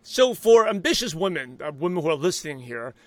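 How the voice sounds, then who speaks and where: A man in his thirties hosting an interview, eager and reflective, quick to agree. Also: fairly high pitch, sing-song, a bit bright, no echo. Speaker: podcast host. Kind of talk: casual interview talk.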